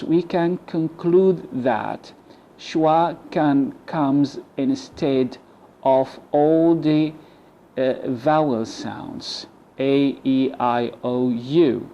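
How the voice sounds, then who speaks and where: Male English teacher, dark voice, patient word-by-word drilling, lo-fi recording. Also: mid-range voice, a little hiss or hum. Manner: repeats model words slowly, switching between English and Arabic. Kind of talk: pronunciation lesson. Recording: dull lo-fi sound.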